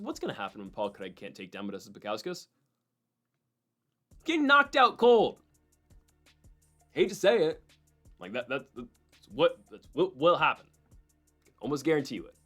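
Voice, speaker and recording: A man casually breaking down MMA fights and predictions, rambling and excitable with frequent asides. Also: on the high side.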